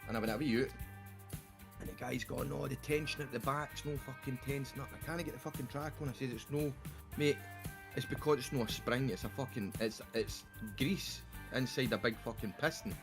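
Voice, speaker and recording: A Scottish streamer with a gravelly, medium-pitched voice speaks a little fast and fairly evenly over music. He's chatting with friends on a voice call, telling a rambling story packed with swearing, via a desktop voice-chat mic.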